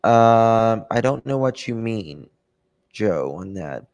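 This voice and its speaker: A man with a fairly low voice talks slowly and unhurriedly, hosting a casual true crime livestream. He thinks aloud and answers viewer comments with frequent ums and trailing pauses. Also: lively intonation, darkish tone, muffled recording. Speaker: true crime channel host. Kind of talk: casual livestream chat about a case.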